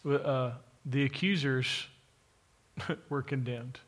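A man's voice: medium pitch, steady tone, slow. A man preaching a sermon to a live congregation, emphatic and repetitive, speaking straight to his listeners. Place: church, to a live congregation with an online audience.

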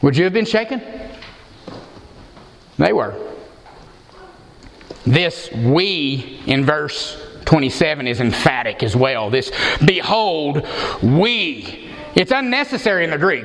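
A man's voice: a little high, fairly bright tone, in a large hall, slight background noise, rough recording. A man preaching an expository sermon, emphatic and given to repeating words for stress.

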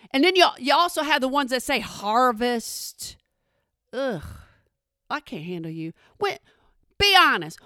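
A woman's voice: sits high, a bit bright, no room sound, studio quality. A woman giving an exasperated, sassy comedic rant to her viewers, calling them y'all. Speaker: vlogger. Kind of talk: comedic ranting monologue.

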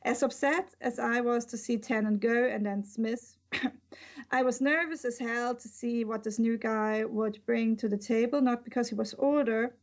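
A woman co-hosting a casual podcast chat, reading a listener's email aloud with joking asides. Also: on the high side. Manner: laughs often, reads with asides. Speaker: podcast co-host.

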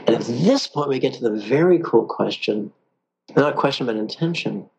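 A man teaching a guided meditation lesson, calm and playful, with drawn-out pauses. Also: mid-range voice, vocal fry, a little hiss or hum, low-quality recording.

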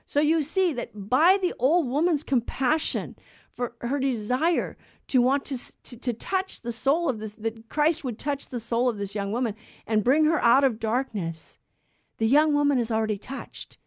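A woman co-host teaches about faith in a conversational way. She tells stories earnestly and acts out the voices she quotes. Her voice sits a little high, and the recording is dry and close. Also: expressive, moderate pace, no room sound. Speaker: co-host of a Catholic talk show.

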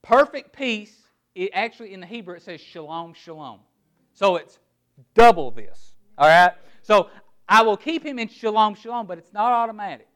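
A man preaching a sermon in a noticeably high voice. He stresses words one by one and poses rhetorical questions, then drops quiet and low to land his key points. He sounds middle-aged. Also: animated, moderate pace. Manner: emphatic preaching, word-by-word emphasis, rhetorical questions. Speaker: pastor.

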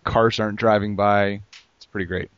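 A man's voice: lowish voice, moderate pace, clear, resonant tone, dry recording. A man co-hosting a podcast, joking and rambling in casual banter. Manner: jokey, rambling, lively. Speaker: podcast co-host. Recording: dull lo-fi sound, dry.

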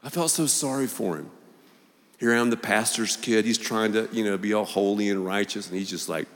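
A male pastor preaching a sermon, telling stories with lively acted-out voices. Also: lowish voice, a little fast. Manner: animated storytelling, acting out voices. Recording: long reverb of a large hall.

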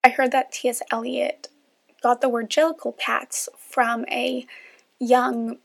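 Young female podcast host, gravelly tone, casual self-mocking rant. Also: on the high side, little pitch movement, slow. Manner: chatty, self-deprecating, rambling with asides.

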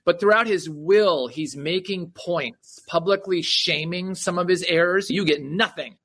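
His voice is high-pitched and fairly bright, yet he takes his time. As an author interviewed on a podcast, he explains enthusiastically in a conversational manner, often ending points with "right?"

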